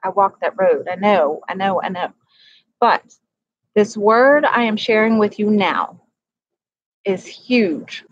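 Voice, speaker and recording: A woman's voice: mid-range voice, takes it slowly, long pauses, no room sound, highs cut off. A woman hosting a livestream, talking earnestly about her faith and praying aloud, often repeating phrases for emphasis. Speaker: livestream host sharing a prophetic word. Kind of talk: casual faith talk and spoken prayer.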